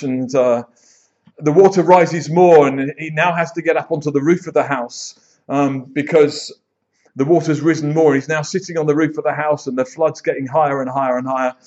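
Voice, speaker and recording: A man preaching a sermon in church, telling stories with lively acted-out quotes. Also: a little high, normal speed. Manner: animated storyteller, acts out quoted voices. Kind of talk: sermon with storytelling. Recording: dull lo-fi sound.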